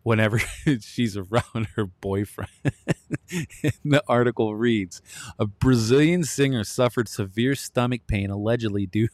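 A man's voice: on the low side, unhurried, darkish tone, dry recording. A man in his thirties hosting a solo commentary show, blunt and ranting, often breaking into laughter. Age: 30s. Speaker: podcast host.

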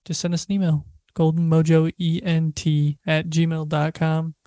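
A man's voice: a little high, completely flat delivery, moderate pace, mellow, no echo. A man co-hosting a podcast, upbeat as he plugs the show in casual chat. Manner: upbeat plugging and sign-off chatter. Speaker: podcast co-host.

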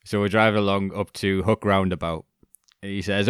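A man's voice: deep voice, steady tone, normal speed, smooth, no echo, studio quality. A young man telling a comic story on a podcast, swearing freely and laughing at himself. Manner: sweary, self-mocking, laughs through his stories. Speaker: podcast co-host.

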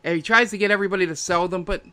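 A man voicing a bored teenage girl working a shop counter who answers flatly and dismissively. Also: sits high, rapid-fire, smooth, pitched above the performer's own voice. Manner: flat, dismissive.

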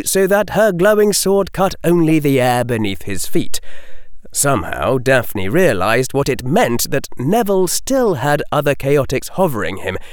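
Sex: man. Role: audiobook narrator. Style: expressive, lively storytelling. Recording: dry studio sound. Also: a little high, smooth, no echo.

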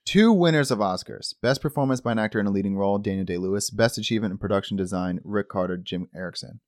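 A man's voice: lowish voice, fast talker, no echo, studio quality. A young man co-hosting a podcast, chatting casually and rambling in a jokey way about a movie. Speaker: podcast co-host. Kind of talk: casual chat, movie review.

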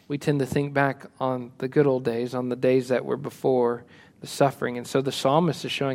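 A male pastor preaching a sermon, rising to emphatic lines and dropping to soft, quiet asides. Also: medium pitch, steady tone, normal speed, creaky.

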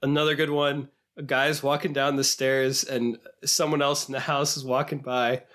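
A man co-hosting a podcast in casual chat, animated and sometimes quoting clips in a higher put-on voice. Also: normal speed. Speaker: podcast co-host.

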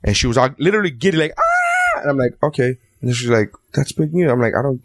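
A man co-hosting a casual chat, telling a profane, animated story and acting out quotes. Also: medium pitch, racing, no room sound. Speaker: podcast co-host.

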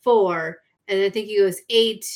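A woman in a relaxed podcast chat who swears freely and throws in dry jokes. Her voice sits at an ordinary pitch, and she talks at an everyday pace. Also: unhurried. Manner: wry, profane, jokey asides. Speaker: podcast co-host. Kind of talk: casual chat.

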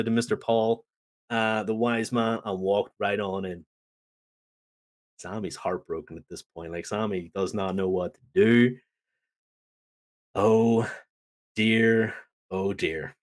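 A man on a podcast casually recapping a wrestling show, telling it as a lively story and acting out the lines. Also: mid-range voice. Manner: animated storytelling, acts out quotes. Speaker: podcast co-host.

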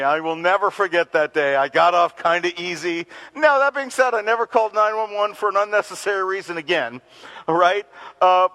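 A middle-aged male pastor preaching a sermon, telling a story with lively laughter and acted-out quotes. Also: high voice, rough recording. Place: church gathering in a community center.

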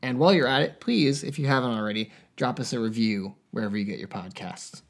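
A man's voice: medium pitch, fast, creaky. A man co-hosting a podcast, chatting in a rambling way full of fillers, a little sleepy. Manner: lively, rambling, lots of fillers. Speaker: podcast co-host. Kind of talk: casual chat.

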